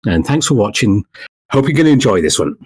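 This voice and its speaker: Man with a husky, lively voice. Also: fairly low pitch, quick pace. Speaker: podcast guest. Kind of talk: casual roundtable chat.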